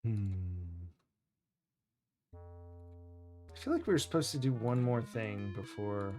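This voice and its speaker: A woman's voice: rumbling low, lively intonation, takes it slowly, dark tone, faint music behind. A woman streaming an old adventure game, making wry, amused remarks. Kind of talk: casual game commentary.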